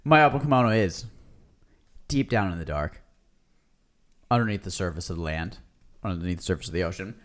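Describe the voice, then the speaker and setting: A young man co-hosting a casual podcast, excitable and rambling, swearing casually. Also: sits low, brisk, long pauses. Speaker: podcast co-host.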